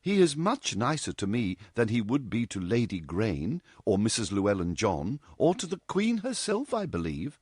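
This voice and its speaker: A man voicing a lively, outspoken young woman who teases and chatters playfully. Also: on the low side, moderate pace, few pauses, slightly rough, no echo, clean studio sound, pitched above the performer's own voice, heavily acted. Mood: teasing. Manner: chattering, playful, mock-dramatic.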